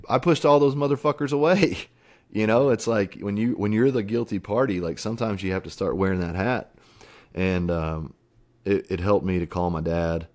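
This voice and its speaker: A man's voice: sits low, a little mellow. A middle-aged man guesting on a podcast, telling his story in an earnest, reflective way, swearing casually, with many fillers. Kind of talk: candid interview storytelling.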